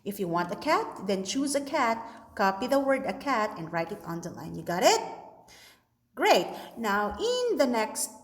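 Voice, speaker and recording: A woman teacher giving a recorded class lesson to young learners, slowly explaining and checking that they understand. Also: medium pitch, sing-song. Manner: slow, sing-song teacher talk with many checks for understanding. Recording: echoey room with long reverb.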